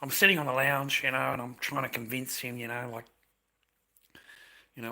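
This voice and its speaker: A man's voice: mid-range voice, flat delivery, normal speed, vocal fry, long pauses, bright, forceful tone. A middle-aged man, telling long, loose stories on a livestream with plenty of swearing and slang. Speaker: livestream host. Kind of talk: rambling casual storytelling.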